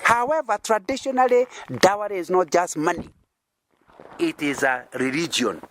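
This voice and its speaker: A man's voice: sits high, normal speed, a bit bright, a little hiss or hum. A man with a Kenyan accent, from Kenya, preaching an interactive sermon. He keeps checking in with his listeners through rhetorical questions and chuckles.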